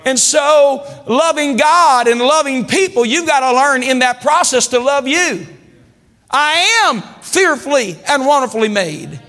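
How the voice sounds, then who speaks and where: A pastor with a very high voice preaches to his congregation, drawing call-and-response amens and swelling into shouts. His words ring out with a long reverb through a large church hall. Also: animated, a little slow. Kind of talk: sermon.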